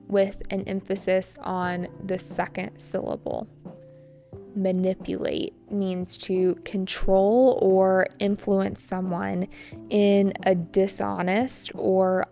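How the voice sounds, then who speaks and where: A woman narrating a scripted English lesson, explaining words and where their stress falls in a slow, clear way. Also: medium pitch. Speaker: English teacher. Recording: soft music underneath.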